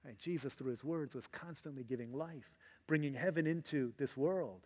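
A middle-aged man preaching a sermon as pastor, animated and acting out quotes in different voices. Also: a little high, moderate pace, slightly rough. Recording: long hall reverb.

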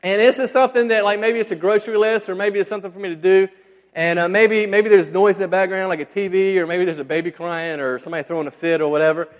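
A pastor in his thirties preaches to a congregation in a church hall, speaking fast in a high voice with a steady tone. He tells stories in a chatty, self-deprecating way, full of fillers, and the church hall adds long reverb.

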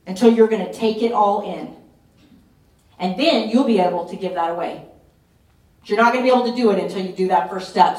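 Woman pastor, mid-range voice, urgent and insistent preaching, captured from across an echoey room. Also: medium pitch. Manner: fervent, urgent preaching with emphatic repetition. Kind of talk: sermon at a retreat. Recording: roomy echo, voice from a distance.

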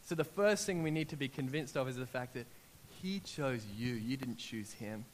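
A man, preaching a sermon in an animated, storytelling way, acting out his own prayers as he goes. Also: mid-range voice, moderate pace, slight background noise.

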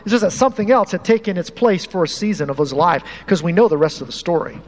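A man preaching a lively sermon to his congregation as pastor, animated and talking straight to the people in the pews. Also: high-pitched, quick pace. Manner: animated, uses props, talks to the congregation. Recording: hall reverb, faint room noise.

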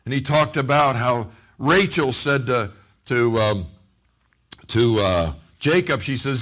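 A man's voice: mid-range voice, measured pace. A middle-aged man preaching a sermon as a pastor, telling stories with acted-out quotes and frequent repeated words and restarts. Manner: animated storytelling with acted-out quotes.

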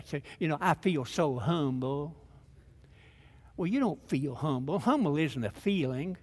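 High-voiced older man preaching in an echoing hall. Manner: folksy, conversational preaching with repeated restarts, building to fervent emphasis. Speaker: pastor. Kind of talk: sermon.

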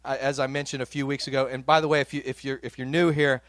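A male pastor gives a Sunday sermon in a relaxed, conversational way, breaking into lively voiced quotes when he reads scripture. His voice sits at an ordinary middle pitch. The sound is dry and close, with little room echo. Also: quick pace.

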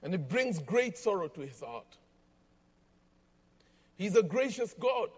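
A man preaching a sermon, slow and emphatic, repeating key lines for weight. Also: high voice, sing-song, a little mellow, slightly rough, big-room sound. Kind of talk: sermon with storytelling.

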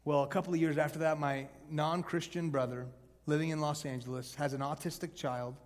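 A man preaching an evangelistic sermon to college students, conversational and shifting from hushed to loud and emphatic. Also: a little high, steady tone, fairly quick. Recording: long hall reverb.

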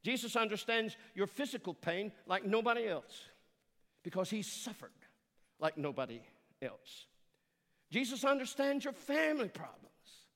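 An older man delivers a sermon in a high, bright voice. He preaches earnestly, stretching key words with dramatic pauses and now and then correcting himself. His voice carries a long reverb, as in a large sanctuary. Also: very animated. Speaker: pastor.

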